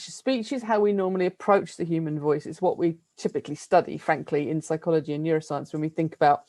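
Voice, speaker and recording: A middle-aged British woman giving an academic plenary talk over a video call, chatty and lively, with small self-deprecating laughs. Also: sits low, fast talker, few pauses, dry recording, studio quality. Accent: British English. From United Kingdom. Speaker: lecturer. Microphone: computer mic on a video call.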